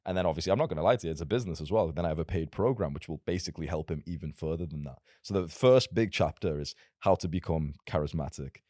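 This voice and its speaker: Young male creator, low voice, rapid, blunt and provocative, dry close sound. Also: mellow, dry recording. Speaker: self-improvement content creator. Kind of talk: casual podcast conversation.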